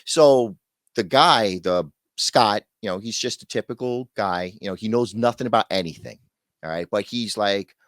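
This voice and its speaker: A man's voice: on the low side, normal speed, a bit bright, dry recording, studio quality. A middle-aged man co-hosting a podcast, telling a story in casual chat, swearing freely and acting out the people he quotes. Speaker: podcast co-host.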